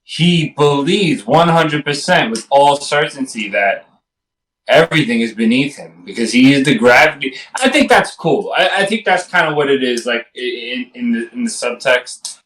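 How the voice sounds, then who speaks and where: A man's voice: mid-range voice, lively intonation, moderate pace, a bit bright. A man co-hosting a casual podcast, joking loosely and trailing off mid-thought. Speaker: podcast co-host. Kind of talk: casual chat. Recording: roomy and distant from the mic.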